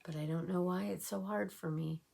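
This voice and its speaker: A woman's voice: fairly low pitch, fairly even intonation, normal speed, creaky, darkish tone. A woman talking casually while doing her makeup, emotional and rambling, with many fillers. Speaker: beauty vlogger. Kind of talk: casual get-ready-with-me chat.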